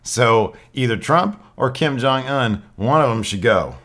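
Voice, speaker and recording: A man's voice: medium pitch, lively intonation, measured pace, a bit bright. A man co-hosting a podcast, telling rambling stories in a laid-back, casual way. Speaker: podcast co-host. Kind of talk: casual chat.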